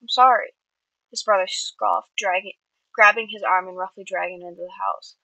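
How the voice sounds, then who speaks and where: A woman's voice: medium pitch, fairly even intonation, a little fast, pushed and bright, no echo, poor audio. A woman reading her own story aloud earnestly, with small slips and restarts. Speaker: amateur writer.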